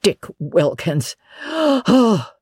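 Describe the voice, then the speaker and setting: A reader voicing an old miserly man who breaks into excited exclamations. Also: medium pitch, drawn-out words, breathy edge, no room sound, clean studio sound, voice pushed up, exaggerated voice. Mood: moved.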